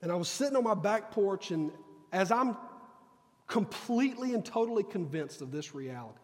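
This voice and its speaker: A pastor speaks with a fairly high voice, telling a personal story in a sermon. He acts out quoted dialogue with earnest feeling. His voice carries the long reverb of a large church. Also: expressive, normal speed, a little mellow. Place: church sanctuary.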